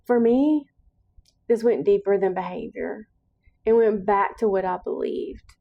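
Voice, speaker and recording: A woman's voice: medium pitch, unhurried, creaky, phone-quality sound. A woman hosting a solo podcast, speaking in an earnest, encouraging monologue with emphatic repetition. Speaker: podcast host.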